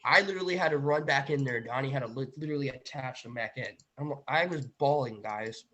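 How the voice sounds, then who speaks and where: A man's voice: medium pitch, brisk, sharp tone. A man hosting a podcast, casually and animatedly retelling a dream to his viewers and often saying "literally" and "guys". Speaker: podcast host.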